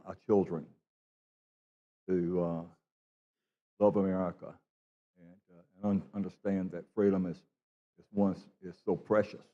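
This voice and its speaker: An older man, a state senator, answering in a floor debate, halting and full of pauses. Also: low-pitched, mellow, muffled recording. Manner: halting, many uh fillers. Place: legislative chamber.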